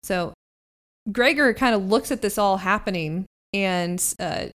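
Smooth-voiced woman narrating as game master. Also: medium pitch, lively intonation, a bit bright. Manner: chatty and halting, with laughs.

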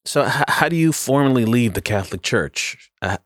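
A man's voice: mid-range voice, lively intonation, moderate pace, no echo, studio quality. A man hosting an interview, mostly reacting with short interjections and asking questions. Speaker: interview host. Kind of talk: casual interview.

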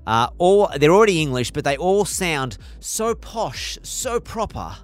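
A man with an Australian accent hosting a radio interview, teasing and joking in quick playful chatter. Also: fairly high pitch, big pitch swings, soft background music. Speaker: radio host.

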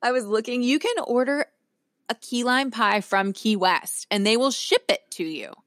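A woman's voice: fairly high pitch, normal speed, fairly bright tone, no room sound, clean studio sound. A woman with a slight Southern accent, hosting a podcast in a talkative, storytelling way and laughing easily. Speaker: podcast host. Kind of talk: casual chat. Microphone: own microphone.

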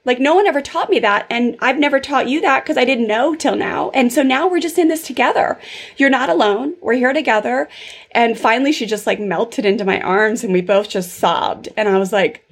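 A woman's voice: a little high, a little fast, breathy edge. A woman in her thirties hosting a podcast, telling a personal story in a chatty way full of fillers. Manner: chatty, filler-heavy storytelling with lots of 'like' and 'super'. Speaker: podcast host. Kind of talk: casual interview chat.

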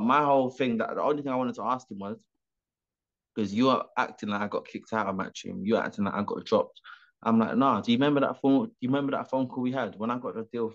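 A man, a professional boxer, talking animatedly and rambling with restarts and swearing in a remote interview. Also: mid-range voice. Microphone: video call. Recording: dull lo-fi video call audio.

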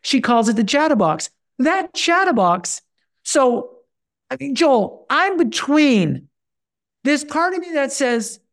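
A man talking as a podcast guest, emphatic and animated, often repeating himself, and his voice jumps up when he tells a story. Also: very high voice, slow pace. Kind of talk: conversational interview.

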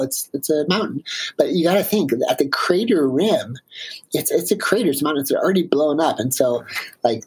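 Husky-voiced man telling a lively story. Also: mid-range voice, low-quality recording. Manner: animated storyteller, many fillers. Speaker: guest. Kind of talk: casual storytelling interview.

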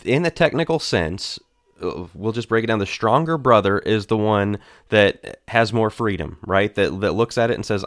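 A man's voice: lowish voice, brisk, no echo, clean studio sound. A man on a church discussion panel, explaining Bible passages earnestly, with frequent restarts.

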